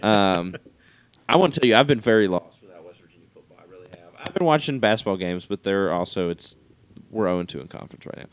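Young male sports podcast co-host, lowish voice, laughs a lot, rambling opinions. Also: fast, pauses often. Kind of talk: casual sports chat.

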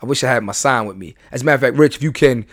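A man's voice: medium pitch, very fast, fairly bright tone, no room sound, clean studio sound. A man hosting a podcast, talking candidly in a rambling, confessional way full of slang and restarts. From New York. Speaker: podcast host.

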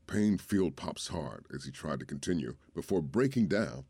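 Deep-voiced man narrating a story. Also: expressive, fairly quick, few pauses, darkish tone, dry recording.

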